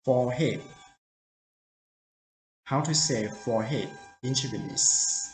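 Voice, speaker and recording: A man teaching vocabulary in a slow drill, repeating each word carefully in simple, broken phrasing. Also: mid-range voice, faint music behind. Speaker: language teacher. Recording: roomy echo.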